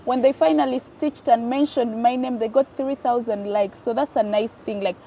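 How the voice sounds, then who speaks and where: Emphatic woman with a mellow voice. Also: fairly high pitch, steady tone, moderate pace, a little hiss or hum. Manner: defensive, emphatic, repeats herself. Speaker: interviewee, content creator. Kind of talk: casual interview answers.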